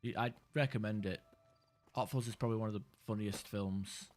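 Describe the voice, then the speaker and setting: Man, lowish voice, casual streamer chat, sweary, rambling, keeps cutting himself off. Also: fairly even intonation, a little fast, a little mellow, faint music behind. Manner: rambling, sweary, self-interrupting.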